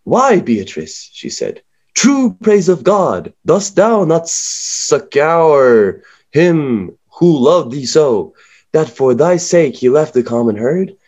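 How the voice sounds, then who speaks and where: A man co-hosting who reads old verse in a deliberate, dramatic way and chats casually. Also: on the high side, big pitch swings, a little mellow. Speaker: co-host. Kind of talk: reading aloud, then casual chat.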